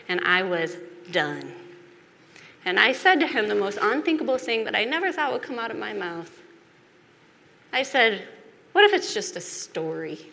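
A woman delivers a confessional sermon, earnest and heavy on repetition. Her tone is bright and her pace unhurried. The voice carries a long hall reverb over faint background noise. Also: medium pitch. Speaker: preacher. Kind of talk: personal testimony sermon.

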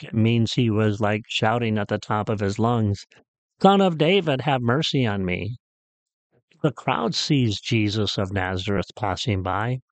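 Male pastor preaching on radio, mid-pitched, storytelling with emphatic build-ups, dry booth sound. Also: no echo. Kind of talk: radio sermon.

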